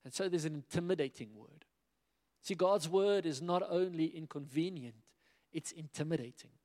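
Animated male preacher in a reverberant hall. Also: fairly high pitch, normal speed. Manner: animated, acts out biblical dialogue in quoted voices. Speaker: pastor. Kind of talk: sermon.

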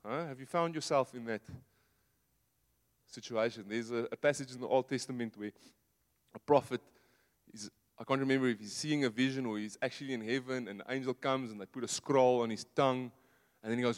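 A man preaching a sermon in a conversational way, asking the congregation rhetorical questions and dropping to a soft low voice to make a point. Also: steady tone, a little fast. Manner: drops to a soft low voice for emphasis. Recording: long hall reverb.

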